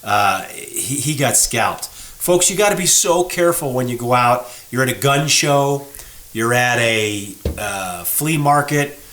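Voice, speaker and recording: Guy hosting a gun show, lively up and down voice, kinda echoey room, chatty and folksy. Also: mid-range voice, a little slow. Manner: folksy, animated, talks to viewers as folks. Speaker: show host, gunsmith shop owner. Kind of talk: casual explanatory chat. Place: gun shop workroom.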